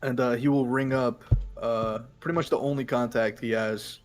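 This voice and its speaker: A man playing a tabletop game, narrating what his character does in a halting way with many fillers. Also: mid-range voice, steady tone. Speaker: player. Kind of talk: tabletop game role-play.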